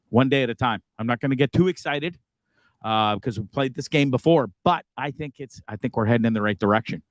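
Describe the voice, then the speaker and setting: A man's voice: medium pitch, a little fast, no echo. A man hosting a casual livestream from a bus, rambling, swearing and laughing at himself. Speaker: host.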